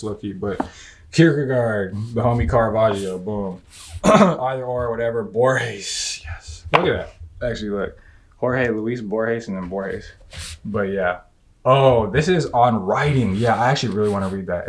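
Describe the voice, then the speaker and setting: A man's voice: lowish voice, background noise. A young man hosting a casual bookshelf tour, talking in slangy, profane, rambling bursts that often break off mid-sentence. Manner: rambling, self-interrupting. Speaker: book reviewer host.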